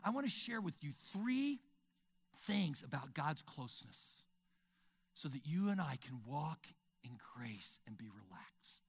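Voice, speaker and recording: An older male pastor preaching a sermon, telling stories and acting out dialogue, swinging from whispers to shouts. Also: fairly high pitch, sing-song, a little slow, husky.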